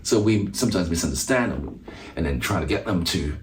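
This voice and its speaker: A man with a low voice shares a reflective devotional talk. He reads scripture aloud, then muses on it with frequent restarts and asides. A faint noise sits behind him. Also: expressive, brisk. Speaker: musician teaching on the Psalms.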